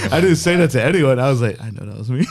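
A man's voice: medium pitch, fast talker, crowd noise. A man co-hosting a podcast, telling stories in casual chat and laughing as he goes. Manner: lively, laughs through his stories. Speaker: podcast co-host.

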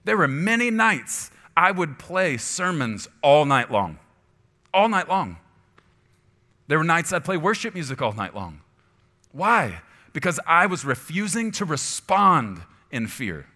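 A man preaching a sermon as pastor, moving from quiet, reflective stretches to loud, high-pitched exhortation. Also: big pitch swings, a little slow. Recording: long hall reverb.

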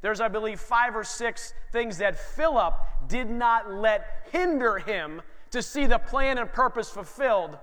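A man's voice: high voice, a little slow, hardly any pauses. Man preaching in a reverberant church. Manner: animated storytelling, asks the room for amens. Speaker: pastor. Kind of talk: sermon. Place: church sanctuary. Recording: long hall reverb.

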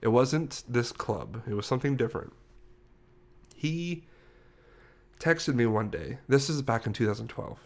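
A man's voice: medium pitch, lively intonation, unhurried, creaky, pauses often, a little mellow. A young man co-hosting a podcast, telling a story in a rambling, self-correcting way. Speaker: podcast host. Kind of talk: casual podcast chat.

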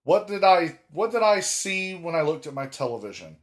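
A man co-hosting a casual wrestling podcast, talking animatedly with emphatic, drawn-out words and frequent restarts. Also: a little high, sing-song. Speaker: podcast co-host.

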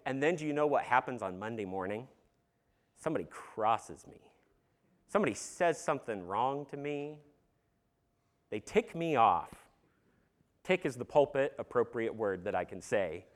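A man's voice: mid-range voice, sing-song, moderate pace. A man preaching an earnest sermon in a conversational way, with casual fillers and some humor. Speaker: pastor.

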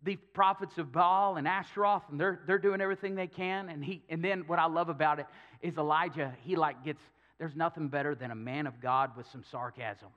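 Lively preaching man, slightly high voice. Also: brisk, lo-fi sound. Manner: storytelling with humor, acting out quotes. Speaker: pastor. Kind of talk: sermon.

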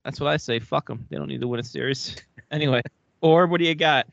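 A man's voice: a little high, fast, vocal fry, fairly bright tone, no echo, highs cut off. A man hosting a casual podcast chat, joking around and swearing freely. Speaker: podcast host.

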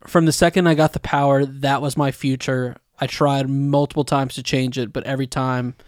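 A man's voice: medium pitch, little pitch movement, moderate pace, no echo, studio quality. A young man co-hosting a podcast, joking around while recapping an anime episode. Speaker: podcast co-host. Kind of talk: casual recap chat.

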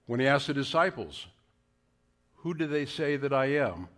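A man preaching a sermon, acting out scripture quotes in hushed whispers and raised calls. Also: mid-range voice, animated, normal speed. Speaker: pastor.

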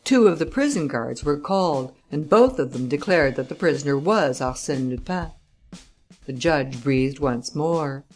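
Low-voiced woman narrating a story. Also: animated, unhurried, a little mellow, faint music behind. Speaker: audiobook narrator. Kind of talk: scripted narration.

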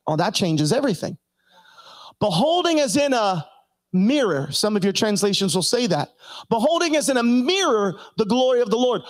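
A man preaching a sermon, calling on the congregation to answer and building up to impassioned shouting. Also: sits high, lively intonation, moderate pace, no room sound. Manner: calls for congregation responses.

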